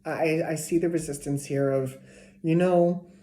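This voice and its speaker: A woman's voice: sits low, steady tone, measured pace, mellow. A woman giving a casual tarot reading to a zodiac sign, chatty and repeating herself, sometimes dropping to a whisper. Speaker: tarot reader. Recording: echoey room with faint noise.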